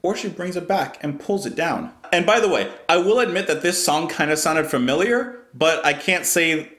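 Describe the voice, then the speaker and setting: A man's voice: on the high side, animated, a bit bright, echoey room. A man giving casual, thoughtful commentary while reacting to music, explaining what he hears. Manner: thoughtful, explanatory, pauses to restart.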